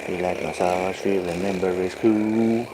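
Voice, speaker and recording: A man's voice: deep voice, steady tone, unhurried. A man livestreaming at home, massaging his dogs and talking to them in playful rhyming singsong, with coaxing commands to the pets. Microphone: phone microphone on a stream. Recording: clear background noise.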